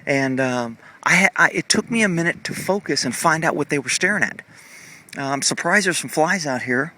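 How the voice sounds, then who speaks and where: A man's voice: on the high side, lively intonation, moderate pace, pushed and bright, a little hiss or hum. A man casually commenting on his horses while filming them with a handheld camera in a muddy pasture, in a rambling, fond way full of fillers.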